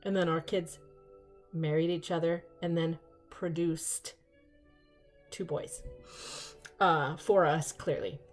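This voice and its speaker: Older woman host, lowish voice, excitable and chatty, soft music underneath. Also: slow, pauses often. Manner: chatty, excitable, rambling asides. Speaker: vlog host. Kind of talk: casual unboxing chat.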